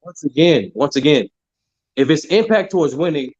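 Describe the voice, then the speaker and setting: A man's voice: fairly high pitch, lively intonation, moderate pace, dry recording. A man on a panel arguing his point insistently, repeating himself to push back. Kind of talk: heated panel debate. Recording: dry, dull lo-fi sound.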